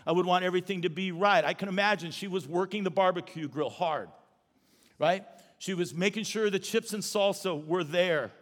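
A man with a high-pitched voice preaches to a church congregation in a lively, conversational manner and slips in jokes. His voice rings with the long reverb of a large hall. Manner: animated, conversational preaching with humor. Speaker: pastor. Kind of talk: sermon. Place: church auditorium.

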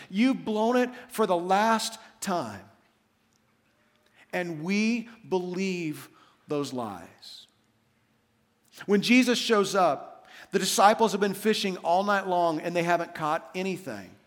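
Pastor guy preaching, fairly high voice, long echo off a big church hall. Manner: storytelling, acts out quoted lines. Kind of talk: sermon.

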